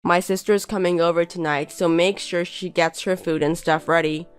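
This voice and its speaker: A woman's voice: fairly low pitch, steady tone, moderate pace, clear, resonant tone, faint music behind, natural voice. A woman voicing a contemptuous young husband who belittles and bosses his wife in a text-message story. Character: scornful insulting young husband.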